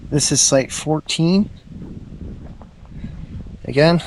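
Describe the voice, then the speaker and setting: A man out of breath giving a relaxed, chatty campsite tour outdoors, with plenty of ums. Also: on the high side, extremely slow. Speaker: camping vlogger. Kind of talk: casual walking tour narration. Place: windy mountaintop campground outdoors. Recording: loud wind noise outdoors.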